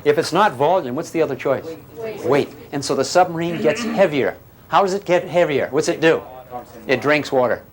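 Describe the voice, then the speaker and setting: A man's voice: fairly high pitch, moderate pace, a crowd in the background. An older man giving a physics lecture to a class, teasing and questioning his students as he explains. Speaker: physics teacher.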